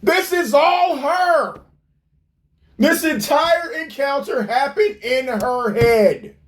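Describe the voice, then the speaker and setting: A commentator tears into a clip in a mocking, incredulous rant full of profanity. The voice sits high and sometimes breaks into shouting. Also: lively intonation, takes it slowly. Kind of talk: ranting reaction commentary.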